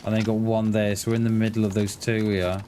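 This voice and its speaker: A man's voice: fairly low pitch, fast talker, slight background noise. A man streaming a survival game, chatting casually and joking with a teammate. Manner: relaxed, joking banter with a teammate. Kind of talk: casual gameplay chat.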